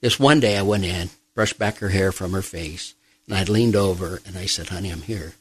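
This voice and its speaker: Soft-spoken reflective pastor, low voice. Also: male voice, normal speed, breathy edge, low-quality recording. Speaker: pastor and grief counselor, guest. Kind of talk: personal testimony in an interview.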